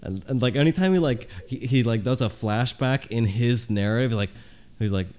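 A man's voice: medium pitch, moderate pace, a little mellow. A man co-hosting a comedy podcast, chatting casually and rambling with lots of fillers. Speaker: podcast co-host.

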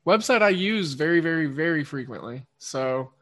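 A man with an Oklahoma twang hosts a sports betting podcast, delivering a rambling, quick-fire casual monologue and often correcting himself. His voice is a little high, animated, and a bit bright.

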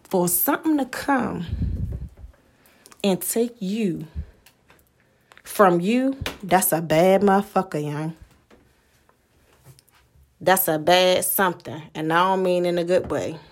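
Gravelly slow-talking woman preaching bluntly. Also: lowish voice, a little hiss or hum. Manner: blunt and profane, rhetorical questions. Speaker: podcast host. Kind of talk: motivational monologue.

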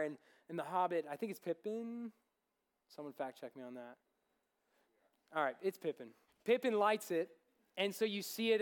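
A young man preaching a sermon as pastor, earnest and growing fervent. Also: fairly high pitch. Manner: earnest, building to fervent enthusiasm.

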